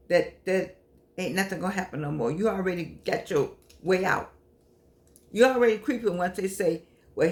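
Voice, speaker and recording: An older woman, a humanities professor who hosts her own show, speaks to camera in a casual, heartfelt monologue, emotional and preachy, repeating herself and calling on the Lord. She's teary, close to crying, and her voice is medium-pitched with a darkish tone.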